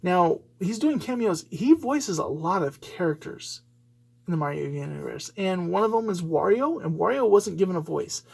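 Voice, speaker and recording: Man, podcast host, gravelly voice, rambling opinionated commentary. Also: high voice, sing-song, moderate pace, a little mellow. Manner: rambling, opinionated, frequent fillers and restarts. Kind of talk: solo casual podcast commentary.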